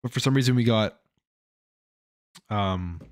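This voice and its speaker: A Canadian man with a fairly low voice and a Canadian accent talks casually to his stream viewers. He rambles and thinks aloud, sounding a little worn after a long workday. The sound is dry and close. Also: unhurried, no room sound. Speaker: gaming channel host. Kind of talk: casual livestream chat.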